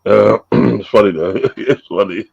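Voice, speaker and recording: A man's voice: lowish voice, a little slow, creaky, breathy edge, muffled recording. A man hosting a casual live-stream chat, reading out viewers' messages with frequent laughter. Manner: laughs often, reads out chat shout-outs. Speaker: host.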